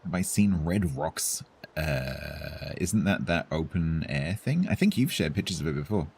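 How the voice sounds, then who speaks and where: A very low-voiced English man with a slightly husky tone, speaking with a Received Pronunciation accent tinged with London. He chats casually with his stream viewers, hesitating and restarting as he thinks aloud. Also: expressive, unhurried, a little mellow. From England. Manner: chatty, hesitant, with many fillers and restarts.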